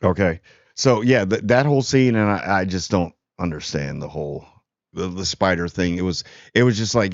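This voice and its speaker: A man's voice: low voice, moderate pace, no echo, muffled recording. A man hosting a casual TV spoiler review, rambling and sarcastic. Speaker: TV review channel host.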